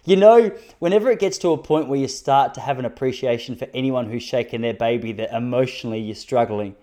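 A man in his thirties with an Australian accent, telling stand-up stories in a wry, self-mocking way, jumping his pitch up high for quoted lines. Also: fairly quick, warm tone. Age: 30s. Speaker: stand-up comedian. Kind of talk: stand-up comedy storytelling.

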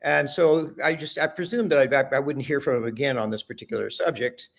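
A man's voice: medium pitch, fairly quick, creaky. An older man, a former chef, telling long rambling stories as a podcast guest, with frequent restarts. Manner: rambling anecdotes with many restarts. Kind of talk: conversational storytelling.

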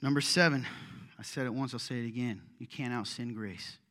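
A middle-aged male pastor giving a casual, joking, animated sermon in a church. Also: mid-range voice, a little fast. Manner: conversational, joking, animated preaching. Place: church sanctuary. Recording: echoey hall, soft guitar behind.

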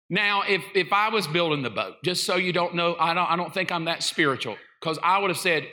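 A middle-aged male pastor preaching with jokes and stories. His voice sits high and sounds very bright and forceful. He is animated and acts out the people he quotes. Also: moderate pace. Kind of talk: comedic sermon storytelling.

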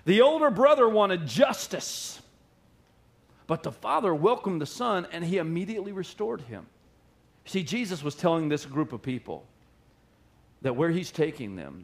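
A male pastor delivering a sermon with a notably high voice. He retells the story vividly, repeating key phrases for emphasis. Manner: animated storytelling, repetitive emphasis.

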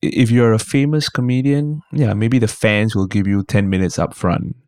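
Deep-voiced comedian, casual. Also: male voice, normal speed, clean tone, dry recording, studio quality. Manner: animated storyteller, swears casually. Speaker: guest host, stand-up comedian. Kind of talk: casual podcast chat.

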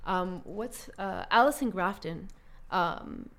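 A woman tells her story in casual conversation, animated and quick to laugh. Her pitch sits in the middle range. She sounds like a guest talking freely with a host.

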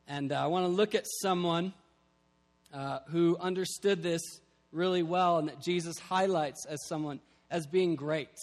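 A man's voice: on the high side, measured pace. A young man preaching a sermon, earnest and building to emphatic peaks. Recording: long hall reverb.

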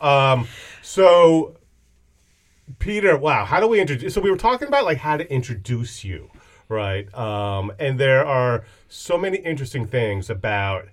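A man co-hosting a podcast, telling a story in a playful, joking way. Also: medium pitch. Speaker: podcast co-host. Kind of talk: casual chat.

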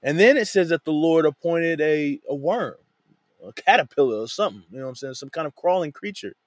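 A man's voice: fairly high pitch, fairly quick, dry recording. Man, bible teacher, casual chatty delivery, says "man" a lot, dry close sound. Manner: relaxed, conversational, says "man" often. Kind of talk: casual Bible study talk. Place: lives in a van.

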